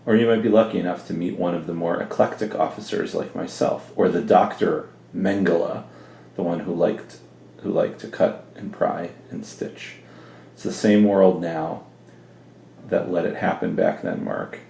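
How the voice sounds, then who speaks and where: A man reading a calm, cruel older male villain's speech in his own plain voice, with no put-on accent. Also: low-pitched, moderate pace, vocal fry, roomy sound, a little hiss or hum, poor audio. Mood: cold.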